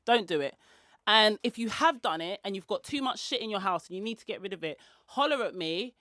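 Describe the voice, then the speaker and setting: A woman's voice: animated, fairly quick, pushed and bright, dry recording, clean studio sound. A woman hosting her own podcast in a chatty, slangy way. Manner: chatty and slangy, acts out others' lines with big pitch jumps. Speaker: podcast host. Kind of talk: casual solo podcast chat.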